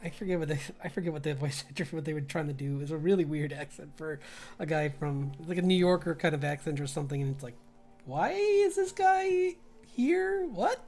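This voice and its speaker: A man's voice: fairly high pitch, steady tone, fast talker, a little mellow, faint music behind. A man streaming his drawing session, chatting casually, rambling and laughing often between remarks. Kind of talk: casual live-stream chat.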